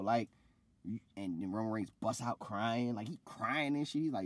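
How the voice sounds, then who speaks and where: A young man with a low voice talks in a loose, slangy way. He retells events with energy and acts out other people's lines. His voice sounds dry and close to the mic. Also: normal speed, no room sound. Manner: animated storytelling, acts out quotes, slangy. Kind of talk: casual chat.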